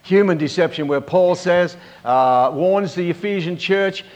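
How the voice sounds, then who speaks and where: A man preaching a Bible-teaching sermon, pausing often with fillers and restarts and asking the congregation for amens. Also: high-pitched, darkish tone. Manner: halting, with many fillers and restarts. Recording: dull lo-fi recording.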